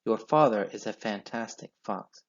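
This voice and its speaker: A man reading a storybook aloud, voicing a gentle, anxious mother fox. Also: fairly low pitch, normal speed, natural voice. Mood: proud. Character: Mrs Fox, tender worried mother fox. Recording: dull lo-fi sound.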